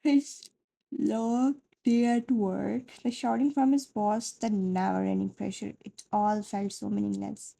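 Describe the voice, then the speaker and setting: A woman narrating a second-person fan fiction story in a soft, dramatic storytelling manner. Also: mid-range voice, fairly even intonation, a little slow, vocal fry, poor audio.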